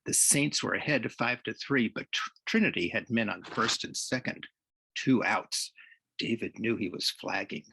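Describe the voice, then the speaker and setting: A man reading aloud from his novel at a public reading, expressive and dramatic. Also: on the low side, creaky, breathy edge, no echo. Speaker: author reading his work. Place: reading series event.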